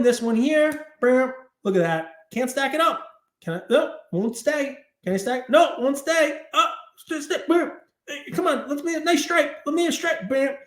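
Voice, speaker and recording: A man hosting a casual hobby podcast, talking in an animated, ranting way and often breaking into laughter. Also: extremely high pitch. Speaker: podcast host. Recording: roomy echo.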